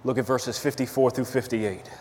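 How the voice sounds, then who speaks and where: A man preaching a sermon as pastor, emphatic, firing rhetorical questions and swinging between loud and hushed delivery. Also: medium pitch, fairly even intonation, normal speed. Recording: long hall reverb.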